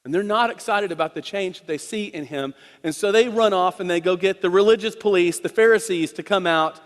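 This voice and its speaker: A male pastor preaching a sermon, telling the story in an animated way. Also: high-pitched, a little fast, in a large hall. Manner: storytelling, animated, retells scripture in voices. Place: church sanctuary.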